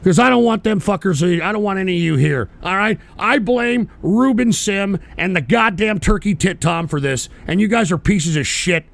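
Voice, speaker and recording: A man's voice: sits high, moderate pace, creaky, hardly any pauses. A man hosting a livestream, ranting in a profane, exasperated way with stammering restarts. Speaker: livestream show host. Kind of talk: angry livestream rant.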